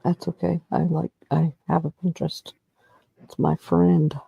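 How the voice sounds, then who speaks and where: A man's voice: on the high side, level tone, a little slow, vocal fry, warm tone, breathy edge, dry recording, muffled recording. A man co-hosting a casual chat, talking in a chatty way with fillers. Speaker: livestream co-host.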